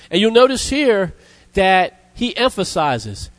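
A man preaching a sermon, emphatic, repeating key words and reading scripture slowly. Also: very animated, no echo, low-quality recording. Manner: emphatic, repeats words, rises in pitch for stress; reads scripture slowly in old-fashioned wording.

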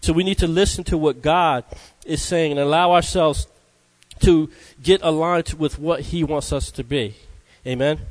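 A man's voice: on the high side, steady tone, normal speed. A man preaching a conversational sermon who keeps calling out "Amen?" to his listeners. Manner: conversational, calls out Amen to the congregation.

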